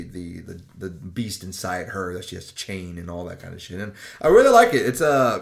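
A young man with a fairly low voice talks through a movie's plot in easy, meandering podcast chat. He fills the pauses with ums and uhs as he goes. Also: creaky. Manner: laid-back, rambling with fillers. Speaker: podcast co-host. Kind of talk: casual chat, summarizing a film.

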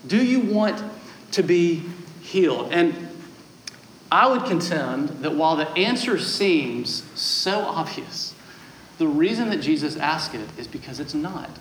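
A man in his thirties preaching a sermon as a guest pastor, telling stories with animated, self-deprecating humor. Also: fairly high pitch, measured pace, reverberant, slight background noise, rough recording.

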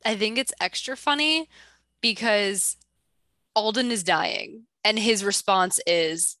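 A woman co-hosting a podcast, chatting casually as she recaps a book with quick asides. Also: mid-range voice, sharp tone, dry recording. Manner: chatty, quick asides, reads clues aloud. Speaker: podcast co-host.

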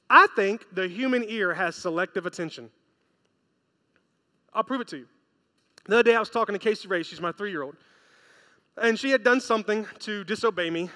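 A man in his thirties preaching a sermon, telling stories and acting out the lines of the people in them. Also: high-pitched. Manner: storytelling, animated, acts out quotes. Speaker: pastor. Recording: long reverb of a large hall.

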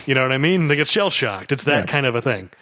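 A man's voice: mid-range voice, big pitch swings, fast talker, pushed and bright. A man co-hosting a casual podcast about movies. He chats, laughs often and quotes characters in put-on voices. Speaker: podcast co-host.

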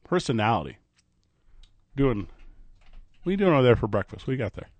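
Animated sports radio host, dry studio. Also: male voice, mid-range voice, no room sound, muffled recording. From American Midwest. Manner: animated, quick, joking delivery. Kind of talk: morning sports talk radio banter. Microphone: studio microphone.

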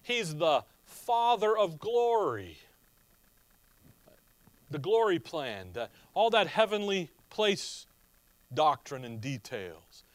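A man with a high voice delivers a teaching sermon in a casual, conversational way. He often pauses to ask the congregation rhetorical questions. The recording is dry and close, with no room echo. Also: sing-song. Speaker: pastor. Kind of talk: expository sermon.

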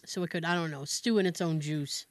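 A woman co-hosting a podcast, telling a family story in casual chat, animated and acting out her relatives' voices with frequent laughs. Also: deep voice, a little fast, dry recording. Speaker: podcast co-host.

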